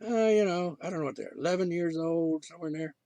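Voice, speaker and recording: A man's voice: on the high side, fast talker, vocal fry, mellow, no room sound. A man hosting his own show, ranting in an indignant, sarcastic monologue full of restarts and asides. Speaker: podcast host.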